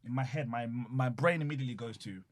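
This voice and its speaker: A young British man from London, a wrestler guest on a podcast, telling an excitable story in casual chat and acting out the quotes. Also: mid-range voice, quick pace.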